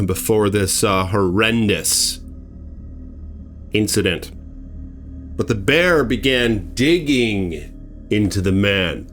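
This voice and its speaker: A man's voice: fairly low pitch, fairly bright tone. A man telling a horror story in a casual, rambling way, full of fillers and restarts.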